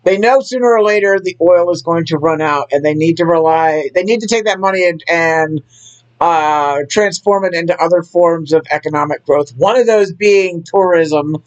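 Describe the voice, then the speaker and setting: A man's voice: a little high, normal speed, clean tone, muffled recording. A man in his forties co-hosting a podcast, chatting casually about wrestling with joking, wry asides. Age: 40s. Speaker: podcast co-host.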